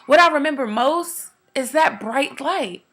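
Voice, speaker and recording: A woman performing a dramatic monologue, telling a first-person story in an earnest, quiet, measured way. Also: high-pitched, lively intonation.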